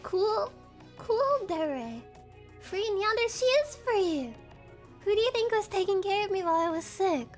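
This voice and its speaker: A woman streamer chatting loosely with her viewers, rambling and giggly, with "like" dropped everywhere. Her voice is very high and she takes her time. Faint music sits behind her. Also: sing-song, unhurried. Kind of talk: casual live-stream chat.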